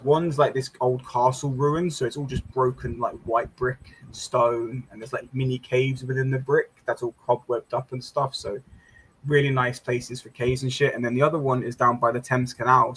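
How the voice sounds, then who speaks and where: An English man in casual chat, telling stories lively and laughing often. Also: mid-range voice, normal speed, a little hiss or hum. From England. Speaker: show host.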